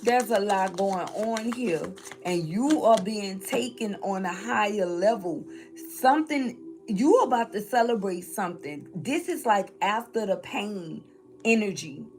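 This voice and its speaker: Soft music accompanies this New Orleans, Louisiana, spiritual reader as she hosts a tarot live stream, laughing often and chatting casually. Her mid-range voice has lively intonation and runs a little slow.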